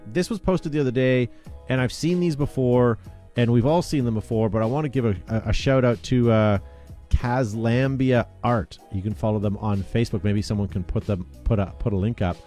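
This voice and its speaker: A man's voice: medium pitch, brisk, dark tone, faint music behind. A man hosting a casual chat show, talking in an upbeat, rambling way with plenty of fillers. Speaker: podcast host.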